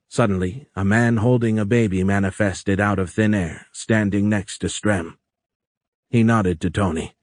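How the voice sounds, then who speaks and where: A man narrating a science fiction audiobook in a measured, even way, on a close microphone. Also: fairly low pitch, dry recording. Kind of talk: scripted narration.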